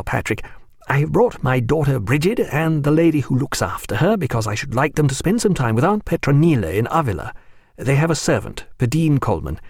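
A man doing a courteous formal gentleman. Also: mid-range voice, no room sound, clean studio sound. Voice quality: formal, elaborately polite. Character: courteous male ship's surgeon, gentleman.

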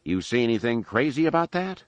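A man's voice: medium pitch, sing-song, a little fast, no echo, voice pushed up, close to an everyday voice. A man voicing a wry, sarcastic male starship captain in an audiobook reading, muttering his dry remarks.

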